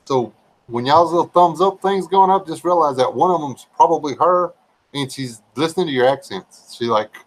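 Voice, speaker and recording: A man's voice: a little high, moderate pace, low-quality recording. A man rambling through casual, folksy livestream chat. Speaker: livestream regular.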